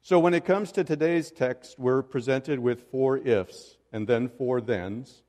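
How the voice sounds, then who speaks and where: A middle-aged male pastor delivers a sermon at a middle pitch, talking conversationally and tossing joking asides to the congregation. His voice rings out with a long reverb tail in a church sanctuary. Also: a little mellow.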